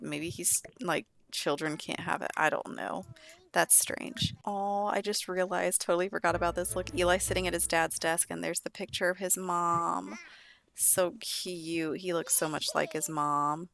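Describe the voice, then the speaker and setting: A woman's voice: fairly low pitch, steady tone, moderate pace, vocal fry, a bit bright. A young woman, a mother, chatting casually as she plays a life-sim game for viewers. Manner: chatty, bubbly, talks to viewers as "girl" and "guys". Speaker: gaming channel host.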